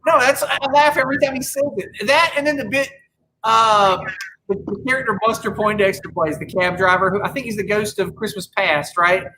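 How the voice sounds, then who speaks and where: A man with a bright, forceful voice rambles through casual podcast chat, stacking up opinions and tripping over his own restarts. A faint noise sits under the recording. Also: sits high, fairly quick, low-quality recording. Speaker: podcast co-host.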